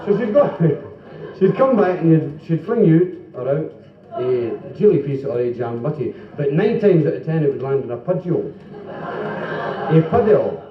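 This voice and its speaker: A Scottish man tells jokes on a club stage, his voice high and bouncing all over the place. He breaks off to laugh and slips into snatches of song. The sound is a dull, distant 1970s live recording full of room echo. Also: unhurried, crowd noise. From Scotland. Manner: jokey, lively storytelling with sung bits and self-interrupting laughter. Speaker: stand-up comedian. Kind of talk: live stand-up comedy. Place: club stage before an audience.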